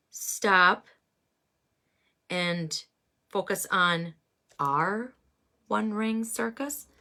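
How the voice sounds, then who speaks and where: A woman giving a casual oracle card reading, musing and halting with many fillers. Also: on the low side, bright, forceful tone.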